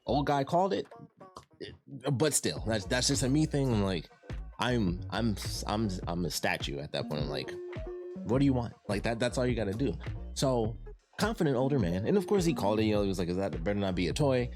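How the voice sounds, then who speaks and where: A man from Detroit talks through a show review in a loose, rambling way. He often repeats himself and restarts his sentences. His voice sits on the low side, and soft music plays faintly behind him. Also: very animated, fairly quick. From Detroit, USA. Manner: rambling, repeats words and restarts, many fillers. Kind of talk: casual spoken review.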